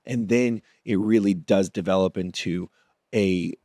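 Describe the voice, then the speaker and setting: A man's voice: deep voice, a little slow, warm tone, no room sound, clean studio sound. A man talking as an actor guest in a casual interview, thinking his answers through aloud. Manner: thoughtful, works through ideas aloud.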